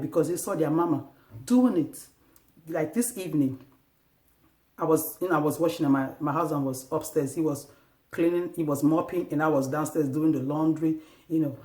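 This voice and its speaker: Earnest woman preaching to wives. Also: low-pitched. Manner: earnest and exhortative, acts out scenes with sharp raised outbursts. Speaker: Christian marriage advice vlogger. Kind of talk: preachy faith-based talk to wives. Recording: echoey room.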